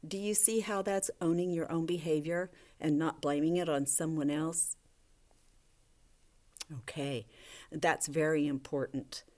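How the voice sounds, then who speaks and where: A woman teacher giving a gentle, coaxing video lesson to young children, talking to a puppet. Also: low voice, steady tone, unhurried. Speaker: elementary school teacher.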